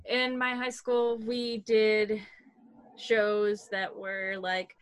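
A young woman chatting casually on a podcast, animated and laughing as she tells stories. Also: medium pitch, drawn-out words, clear, resonant tone, no echo. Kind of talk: casual chat.

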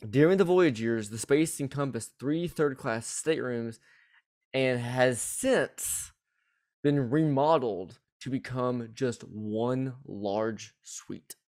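A man with a light Southern US accent co-hosts a casual podcast. His voice is mid-pitched and plain. He talks in halting bursts, restarting phrases and cursing bluntly. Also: a little mellow. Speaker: podcast co-host. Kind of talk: casual chat.

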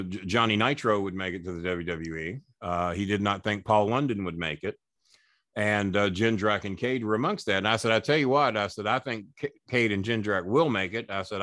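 A man's voice: on the low side, no echo. Profane storytelling man, dry sound. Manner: profane, animated storyteller who acts out quoted people. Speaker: guest, former wrestling manager. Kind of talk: storytelling in a podcast interview.

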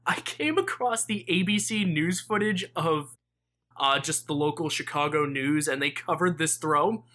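A man's voice: a little high, lively intonation, a little slow, sharp tone. A man co-hosting a sports podcast, chatting casually and telling jokey stories with mock-analytical flair. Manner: joking, mock-analytical, storytelling. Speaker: podcast co-host.

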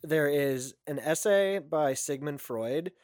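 A man's voice: on the high side, slow pace, a little mellow, no room sound, studio quality. A man co-hosting a casual podcast, jokey and rambling. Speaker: podcast co-host. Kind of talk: casual comedic discussion.

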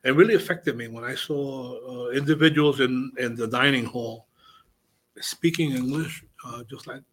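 Hesitant bright-voiced male host. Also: medium pitch, moderate pace, breathy edge. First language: Spanish. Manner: hesitant, many restarts and uhs. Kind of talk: casual radio conversation.

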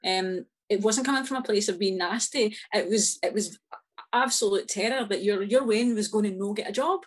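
Scottish woman, author guest, chatty, stumbles and restarts, mid-pitched natural voice. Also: moderate pace, breathy edge. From Scotland. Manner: chatty, many restarts and repeated words. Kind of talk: casual interview chat.

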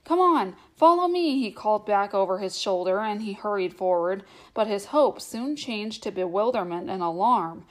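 A woman reading a novel aloud as the narrator, in a steady, measured storytelling manner. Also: mid-range voice. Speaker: audiobook narrator.

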